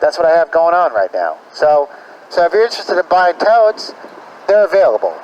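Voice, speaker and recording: A man performs stand-up outdoors with faint traffic in the background. His voice sits a little high, and his delivery is halting, full of repeats and "like" fillers. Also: very animated, darkish tone, muffled recording. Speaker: stand-up comedian. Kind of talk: rambling stand-up storytelling. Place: outdoors on the street or in a parking lot.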